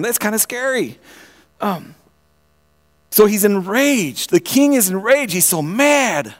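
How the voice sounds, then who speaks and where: A man preaching a sermon, retelling a story in an animated way, often restarting his phrases and asking his listeners direct questions. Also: high-pitched, slow, pauses often. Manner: animated storytelling with frequent repeated starts; asks the audience direct questions.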